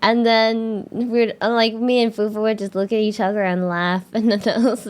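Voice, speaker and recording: A woman's voice: mid-range voice, level tone, moderate pace, a little mellow. A young woman VTuber telling a story to her chat in a casual, rambling way, laughing often and full of fillers. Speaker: VTuber streamer.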